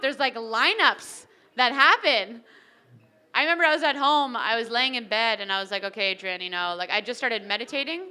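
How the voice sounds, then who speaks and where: Lively woman doing stand-up. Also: high-pitched. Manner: animated, chatty, acts out characters. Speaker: stand-up comedian. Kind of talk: stand-up comedy set. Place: wedding reception hall.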